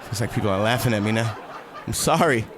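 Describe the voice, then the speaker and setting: A man's voice: on the low side, fast talker, noisy background. A man hosting his own web show alone, talking straight to viewers in a playful, rambling way. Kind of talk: casual solo talk-show monologue.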